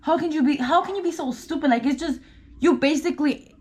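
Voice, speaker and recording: Chatty young woman with roots, high voice. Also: brisk, darkish tone, slight background noise. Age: young adult. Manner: chatty, filler-heavy, "like" and "you guys". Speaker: vlogger. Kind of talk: storytime while doing makeup. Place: indoors at home.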